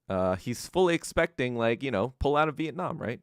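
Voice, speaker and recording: A man's voice: a little high, expressive, brisk, few pauses, fairly bright tone, clean tone, no room sound, studio quality. A man hosting a podcast, telling history in a loose, casual monologue full of swearing and acted-out quotes. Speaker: podcast host.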